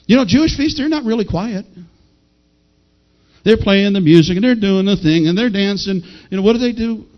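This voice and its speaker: A middle-aged male pastor preaching a folksy, animated sermon that rises to shouted peaks. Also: high-pitched, moderate pace. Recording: dull lo-fi sound.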